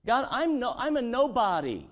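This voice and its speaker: A preacher putting on a stammering, pleading shepherd prophet. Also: male voice, big pitch swings, normal speed, a bit bright, big-room sound, exaggerated voice. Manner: pleading, stammering, high and strained. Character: anxious self-doubting male shepherd prophet pleading.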